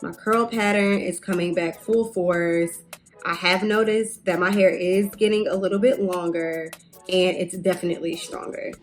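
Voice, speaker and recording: A woman's voice: lowish voice, steady tone, moderate pace, faint music behind. Chatty young woman vlogger. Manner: chatty, rambling with fillers and asides. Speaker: beauty vlogger. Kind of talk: casual chat while doing her hair.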